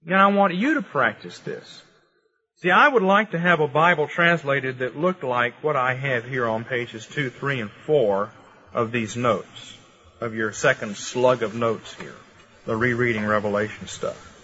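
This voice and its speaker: Husky, bright-voiced man lecturing. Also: medium pitch, a little slow. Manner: reads in a rhythmic, flowing cadence; conversational asides to the class. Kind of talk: lecture with read-aloud scripture. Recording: dull lo-fi recording.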